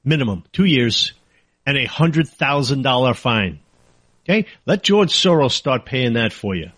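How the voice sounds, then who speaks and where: A man's voice: medium pitch, animated, unhurried, a bit bright, dry recording. A man hosting a political talk show, ranting angrily and sarcastically in a monologue. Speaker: talk radio host.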